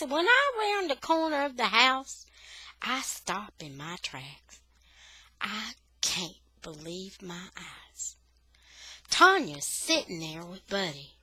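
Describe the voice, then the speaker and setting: Woman reader, expressive storyteller for a children's novel, bright voice. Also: mid-range voice, no room sound, rough recording. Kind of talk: reading a children's novel aloud.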